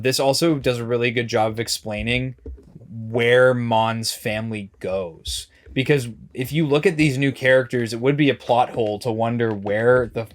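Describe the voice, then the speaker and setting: A man's voice: mid-range voice, a little hiss or hum. A young man co-hosting a podcast, in casual chat and thinking aloud with fillers. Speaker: podcast co-host.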